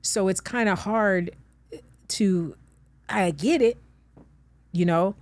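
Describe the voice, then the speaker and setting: A middle-aged woman talks with earnest conviction in a heartfelt studio conversation. Her voice sits at a middle pitch, and the dry studio sound keeps it close. She grows emphatic and tender when she comforts someone. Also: slow, a little mellow, no room sound. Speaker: guest actress. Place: studio with audience.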